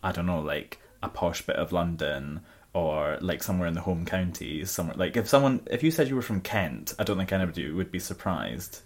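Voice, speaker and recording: A Scottish woman with an unusually low, deep voice, co-hosting a podcast. She teases playfully and giggles, and her tone is easygoing. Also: expressive, fairly quick, a little mellow, slightly rough. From Scotland. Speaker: podcast co-host. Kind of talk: casual chat.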